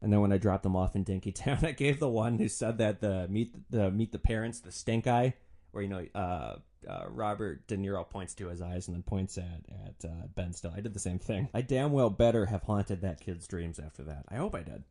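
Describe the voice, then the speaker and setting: Brief: young guy, comic storyteller, swearing freely, animated delivery, warm mellow voice. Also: lowish voice, moderate pace. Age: young adult. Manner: sardonic, profane, animated. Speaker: podcast host, former rideshare driver. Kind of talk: comedic storytelling monologue.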